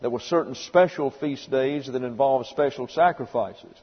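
A man's voice: medium pitch, moderate pace, breathy edge. Man teaching scripture in a reverberant hall. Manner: folksy storytelling and spelling words out. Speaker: Bible teacher. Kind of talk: sermon lecture. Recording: dull lo-fi recording with long hall reverb.

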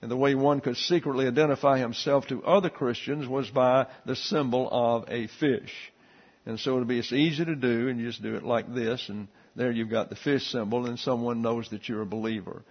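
A man teaches a Bible class, steadily explaining Greek letters and a verse with frequent fillers. His voice is medium-pitched at a moderate pace, and the recording has its highs cut off.

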